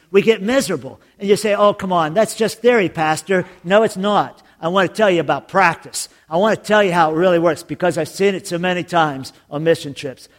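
A man preaching a sermon as pastor, telling jokes and stories in an animated way. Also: sits high. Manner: joking, animated storytelling with laughs.

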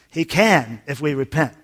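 A man's voice: on the high side, husky. Man preaching a folksy sermon. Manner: folksy, tells jokes, swings from soft to loud. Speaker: pastor.

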